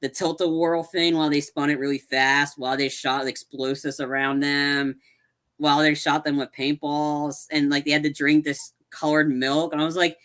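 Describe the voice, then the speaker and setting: Brief: co-host, bright, forward tone, loose rambling retelling. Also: mid-range voice, level tone, moderate pace. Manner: rambling plot recap full of "like". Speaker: movie review podcast co-host. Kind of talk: casual chat.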